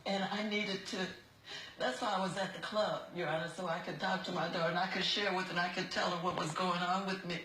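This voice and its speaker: Earnest, halting woman in a roomy courtroom. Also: fairly low pitch, steady tone, a bit bright. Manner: halting, earnest, repeats herself. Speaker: defendant in a TV courtroom. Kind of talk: testimony before a judge. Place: TV courtroom studio.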